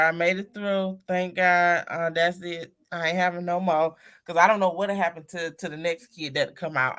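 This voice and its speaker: Animated storytelling mom on a livestream. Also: female voice, on the low side. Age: adult mother. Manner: animated storyteller, acts out voices in stories. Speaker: livestream co-host. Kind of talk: casual livestream chat.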